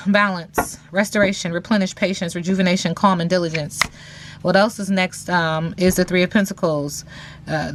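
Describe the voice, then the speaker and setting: A woman's voice: fairly low pitch, a little hiss or hum. A woman giving a casual tarot reading, talking in a sassy, slang-heavy way with playful teasing asides to viewers. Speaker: tarot reader.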